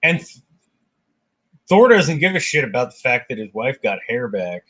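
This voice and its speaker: Man, book discussion host, casual retelling, middle pitch. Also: normal speed. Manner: animated retelling, voicing characters briefly.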